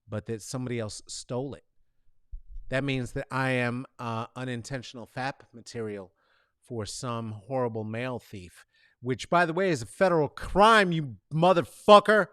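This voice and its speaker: The voice is medium in pitch, clear, and resonant, recorded dry with clean studio sound. A man from the San Francisco Bay Area, living there for decades, hosts a casual comedic monologue. He swears and rambles through animated rants, mock-booing and cheering.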